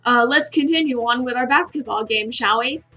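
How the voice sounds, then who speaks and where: A woman reading a visual novel aloud in first-person narration, steady with small stumbles. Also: a little high, moderate pace, breathy edge. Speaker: game reader. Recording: slightly muffled with faint music.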